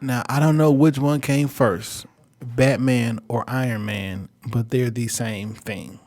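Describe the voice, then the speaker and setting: A man co-hosting a podcast in casual chat, blunt and profane, ranting with animated emphasis. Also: medium pitch, slow. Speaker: podcast co-host.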